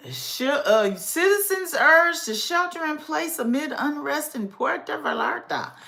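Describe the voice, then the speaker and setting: Sassy, high-voiced woman podcast host. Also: a little slow, gravelly. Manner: sassy, animated, talks to the audience. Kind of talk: casual podcast commentary.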